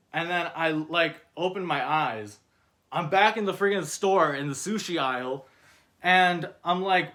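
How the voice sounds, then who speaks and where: A man's voice: on the high side, a little slow, pushed and bright. A man telling an absurd story in a casual, rambling way, piling on fillers and mock-dramatic emphasis, often restarting mid-sentence. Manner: frequent self-corrections and restarts. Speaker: storyteller reading his own script.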